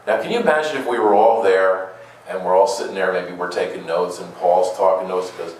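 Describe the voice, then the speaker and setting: A man's voice: sits low, fairly quick. A man giving a conversational homily, full of rhetorical questions and playful asides, often repeating his words as he goes. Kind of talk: conversational sermon. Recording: very echoey room, distant mic.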